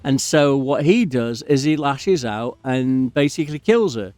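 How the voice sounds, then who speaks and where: A man's voice: medium pitch, expressive, a little slow, darkish tone, no room sound, soft background music. A man rambling and drifting off topic while giving casual commentary as he plays a game. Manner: rambling, digressive, easily sidetracked. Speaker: gaming channel host.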